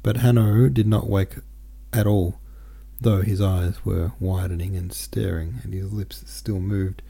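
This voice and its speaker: Deep, gravelly man reading a novel. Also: steady tone, unhurried, dark tone. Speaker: audiobook reader. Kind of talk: novel read aloud.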